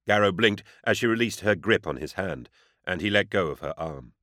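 A man giving scripted audiobook narration in a measured, grave storytelling manner. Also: sits low, expressive, bright, forceful tone, no echo, studio quality.

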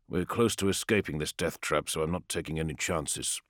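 A man's voice: a bass voice, moderate pace, fairly bright tone, dry recording, studio quality. A man voicing a terse armored warrior captain. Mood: commanding. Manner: clipped, commanding orders.

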